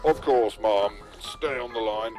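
A formal, very low-voiced operator. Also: female voice. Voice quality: measured, formal. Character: calm, bureaucratic emergency operator. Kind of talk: video game voice acting. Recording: game audio with heavy music.

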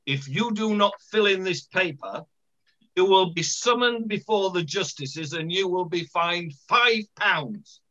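Man doing a posh officious census official, higher pitch, bright voice, dull lo-fi call audio. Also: expressive, a little slow, exaggerated voice. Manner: formal, officious. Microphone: video call.

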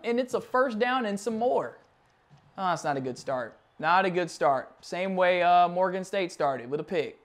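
A young man hosting a gaming channel, commenting on his football video game match as he plays, muttering through menus and shouting at big plays. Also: sits high, big pitch swings, normal speed.

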